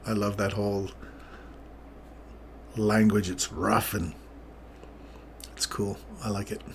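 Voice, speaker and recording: Rambling, lower-voiced man teaching trading. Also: flat delivery, slow, gravelly, slight background noise. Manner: casual, rambling, easily sidetracked. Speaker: trading channel host. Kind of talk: live trading commentary.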